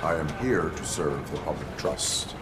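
Stern cyborg cop, very deep, flat clipped delivery, noisy game audio. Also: male voice, measured pace. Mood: formal. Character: stern male cyborg police officer.

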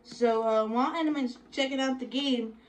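A woman hosting a fan reaction skit, voicing several characters and swinging between shouts and quiet asides. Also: sits high, normal speed, noisy background.

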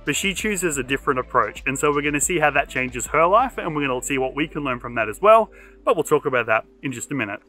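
A man presenting a children's show, telling a personal story in an animated way. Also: medium pitch, fast talker, faint music behind. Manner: animated, acts out remembered voices.

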